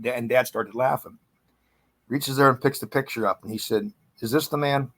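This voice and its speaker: A man's voice: mid-range voice, moderate pace, fairly bright tone. A middle-aged man casually telling a true ghost story in a rambling, chatty way with frequent restarts. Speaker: guest storyteller.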